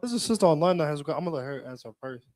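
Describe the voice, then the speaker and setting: A man in the group relaying questions from an online viewer, speaking softly in short replies. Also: on the high side, animated, racing, dry recording.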